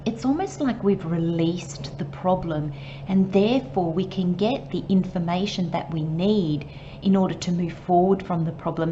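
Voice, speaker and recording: A woman giving a channelled tarot reading, talking slowly and gently and sometimes dropping to a soft murmur. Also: medium pitch, highs cut off, a little hiss or hum. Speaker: tarot reader.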